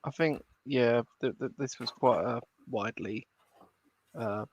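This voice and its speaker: A man's voice: medium pitch, unhurried. A man chatting casually as a guest on a live stream, hesitant and easygoing.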